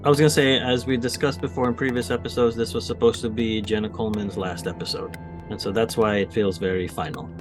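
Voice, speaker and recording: A man's voice: fairly low pitch, fairly even intonation, fast, over music. A man co-hosting a podcast in casual fan discussion, animatedly retelling scenes and acting out quoted lines. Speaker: podcast co-host.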